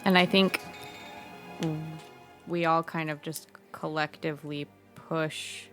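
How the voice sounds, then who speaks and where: Woman, tabletop player, casual chat, low pitch. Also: steady tone, slow pace, a bit bright, faint music behind.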